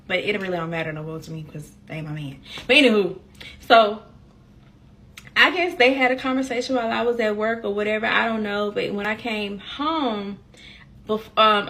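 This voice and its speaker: A woman's voice: medium pitch, a little hiss or hum. A woman telling a personal story in a casual chat to her viewers, talking straight to them and acting out the dialogue as she goes. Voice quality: animated, African American Vernacular English phrasing. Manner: chatty, addresses viewers as y'all, acts out quoted dialogue.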